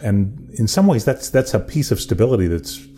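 A male host with a low, mellow voice. He sets up his questions thoughtfully and at length, in a slightly husky tone. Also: animated, moderate pace. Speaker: podcast host. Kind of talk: interview questions.

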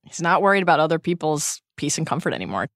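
A woman co-hosting a podcast, recapping book chapters in brisk summary with emphatic asides. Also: sits low, big pitch swings, no room sound, clean studio sound. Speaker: podcast co-host.

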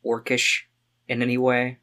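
A man playing his character in a tabletop game, chatting in a relaxed, joking way. He hesitates and repeats himself as he thinks aloud. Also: medium pitch, measured pace. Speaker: player.

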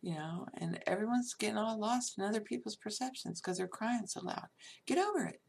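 A woman delivers an off-the-cuff monologue in a gravelly, raspy voice. She is emphatic and rambling, scattering "you know" throughout, and often turns scolding. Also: medium pitch, a little fast, a little mellow. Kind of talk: unscripted monologue.

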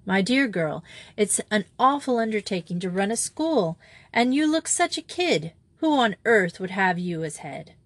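A woman's voice: mid-range voice, big pitch swings, a little slow, dry recording. A woman voicing a worried, impatient young Englishman in an audiobook reading, with a brusque, slangy manner. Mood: exasperated. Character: young English man, worried elder brother.

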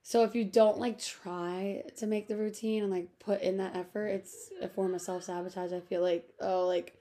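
A woman's voice: mid-range voice, flat delivery, normal speed, dark tone. A young woman in her twenties co-hosting a podcast, telling a story in casual chat, full of filler words and laughing often. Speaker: podcast co-host.

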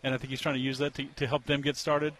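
A man talking as a sports columnist in a relaxed conversation, offering candid opinions. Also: medium pitch, fast talker. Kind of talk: casual conversation as a guest.

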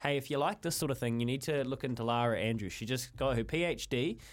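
A man hosting talk radio, speaking in an earnest, measured and thoughtful way. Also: medium pitch. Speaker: radio host.

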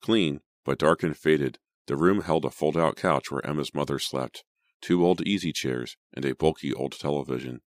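A man narrating a teen horror audiobook in a steady, dramatic storytelling manner. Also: rumbling low, moderate pace, no echo, clean studio sound.

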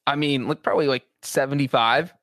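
A man's voice: mid-range voice, steady tone, a little fast, fairly bright tone, no echo. A man co-hosting a sports podcast, talking through his views in a chatty way with frequent restarts. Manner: chatty, many restarts and asides. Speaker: sports writer and podcast co-host. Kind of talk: casual podcast analysis.

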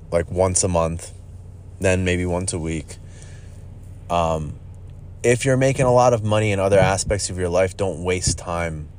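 A podcast host who owns a gym delivers a casual, blunt monologue, cursing and calling listeners "bro." His voice is lowish with a darkish tone.

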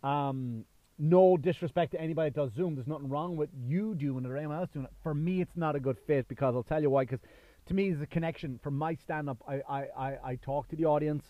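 A man's voice: on the high side, no room sound, highs cut off. Chatty Irish man, rambling podcast monologue. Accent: Irish, worn down by years in the US. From Ireland. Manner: rambling, chatty, lots of fillers and restarts. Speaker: podcast host and stand-up comedian. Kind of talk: casual solo podcast monologue.

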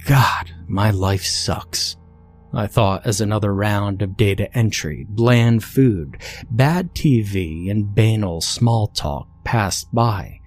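A man with a somewhat low voice reads a horror story in a measured, somber way. His delivery is scripted and steady, a storyteller's narration. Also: faint music behind.

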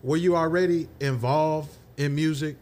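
A man's voice: fairly high pitch, fairly even intonation, moderate pace, a little mellow. A man hosting a casual podcast chat, laid-back and joking, who often says "you know what I'm saying". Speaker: podcast host.

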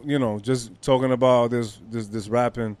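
A man's voice: mid-range voice, fairly even intonation, normal speed, a little mellow, smooth, no echo. Joking man co-hosting, teasing tone. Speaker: podcast co-host. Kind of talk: casual podcast chat.

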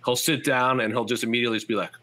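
A man's voice: mid-range voice, steady tone, racing, bright, forceful tone. A man hosting a fight-sports podcast, rambling through lists of matchups with lots of fillers in casual chat. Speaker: MMA podcast host. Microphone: headphones and studio mic.

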